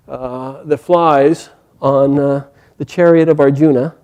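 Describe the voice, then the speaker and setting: A man teaching a spiritual class, telling a story gently and hesitantly with many pauses and fillers. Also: mid-range voice, fairly even intonation.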